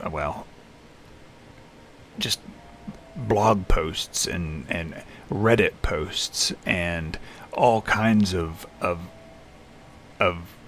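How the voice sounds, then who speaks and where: A man talking unscripted to camera alone in a small room, tired and halting, with many restarts and fillers. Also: low voice, a bit bright, a little hiss or hum. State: lethargic, tired. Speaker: vlogger in recovery. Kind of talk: unscripted personal vlog. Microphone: camera facing speaker.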